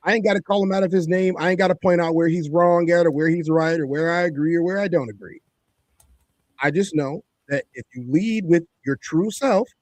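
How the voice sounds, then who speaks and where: A man co-hosting a talk show, talking in an emphatic, sermon-like way that hammers each point home through repetition. His voice sits a bit high for a man. It sounds dry and close, with no room around it. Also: a little mellow, no echo. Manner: emphatic and preachy, repeats his points for effect. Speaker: podcast co-host. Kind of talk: opinionated talk-show commentary.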